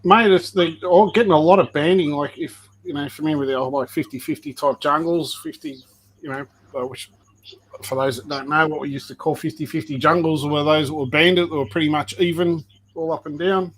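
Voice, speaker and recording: A man's voice: fairly high pitch, fairly even intonation, brisk, low-quality recording. A man breeding snakes, chatting casually and explaining genetics step by step while he works on a livestream.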